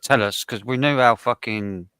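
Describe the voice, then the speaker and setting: A man's voice: mid-range voice, moderate pace, pushed and bright, smooth, no echo. A middle-aged man in casual chat, blunt and full of swearing, stammering as he restarts.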